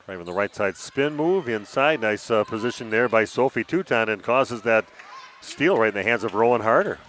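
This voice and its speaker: A man's voice: fairly low pitch, expressive, fairly bright tone, a little hiss or hum. Man calling a basketball game live. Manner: brisk play-by-play with filler "uh"s. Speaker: play-by-play announcer.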